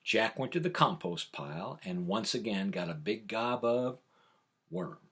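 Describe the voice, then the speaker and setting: A man telling a tall tale as a storyteller, full of sound effects, dropping to whispers and building up to shouts. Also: on the low side, animated, unhurried, breathy edge. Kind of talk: animated oral storytelling.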